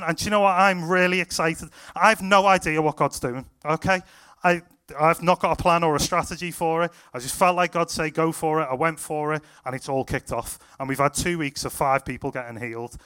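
Youth pastor, young, higher-pitched, animated storyteller. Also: male voice, smooth. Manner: excited, animated retelling with acted-out quotes. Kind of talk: sermon storytelling to a youth group.

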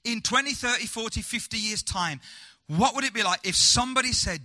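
A man preaching a sermon, asking the congregation rhetorical questions and swinging between loud, urgent lines and hushed, slow ones. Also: very high voice, expressive.

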